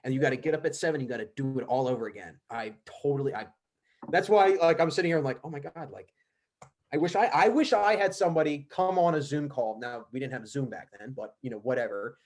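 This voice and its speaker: A man's voice: medium pitch, fast talker. Young male podcast guest, mid-range voice, loose rambling delivery full of fillers. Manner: rambling, lots of "like" and restarts. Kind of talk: casual podcast chat.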